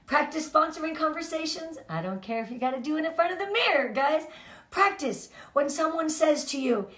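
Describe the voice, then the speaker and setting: Energetic woman coaching a sales team. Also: high-pitched, fairly quick. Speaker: team leader. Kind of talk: motivational team talk. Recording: echoey room.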